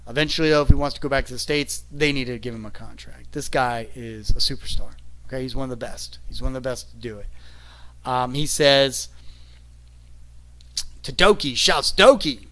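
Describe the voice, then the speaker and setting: A man's voice: medium pitch, fairly even intonation, fairly quick, fairly bright tone. A man reviewing a wrestling show in casual, rambling commentary, often tacking "okay?" onto his sentences. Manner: rambling, keeps adding "okay?".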